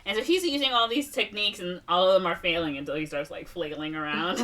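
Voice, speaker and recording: A young woman on a podcast, animatedly retelling a film and slipping into quick impressions of its characters. Her voice is bright and a touch forceful, and she sits a little back from the mic. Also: fairly low pitch, distant mic. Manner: animated retelling, acting out characters' lines with laughs and fillers. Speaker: podcast co-host. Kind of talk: casual movie recap chat.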